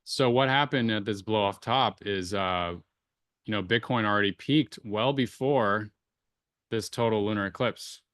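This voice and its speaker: A man's voice: lowish voice, unhurried, a bit bright, no room sound, clean studio sound. A man hosting a casual chat, talking through a chart he shares on screen, with many fillers and restarts. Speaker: crypto astrology show host.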